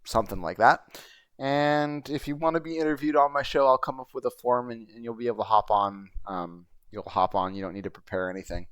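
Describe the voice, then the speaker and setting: A man's voice: medium pitch, a little fast, fairly bright tone, clear, resonant tone, no room sound. A man hosting his own show, chatting casually over a video he plays, rambling and swearing now and then. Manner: rambling and chatty, with frequent fillers and profanity. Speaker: host.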